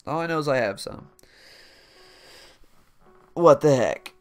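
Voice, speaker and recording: A man's voice: on the high side, lively intonation, slow pace, no echo. A young man giving casual gameplay commentary from his computer, playful and laughing often, taunting opponents as he plays. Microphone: desk mic.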